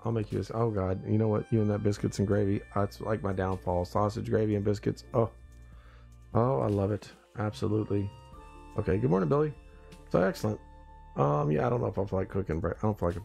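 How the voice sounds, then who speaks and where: A man's voice: fairly low pitch, steady tone, fairly quick, creaky, darkish tone, faint music behind. A man hosting a casual morning live stream, tired and groggy after little sleep, rambling along and greeting his viewers by name.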